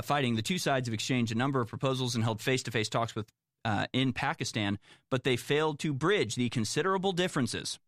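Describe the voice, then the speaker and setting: Reading news reports aloud, a man who works as a political commentator reacts with sarcasm and exasperation, rambling as he goes. His voice is medium-pitched and a bit bright, captured in clean studio audio without any room sound.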